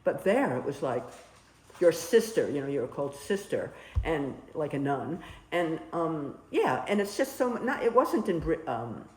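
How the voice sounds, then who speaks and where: An animated woman with a deep, unhurried voice tells stories about her nursing work abroad, acting out the dialogue she quotes. It's a casual storytelling interview recorded in a roomy space with faint ambience.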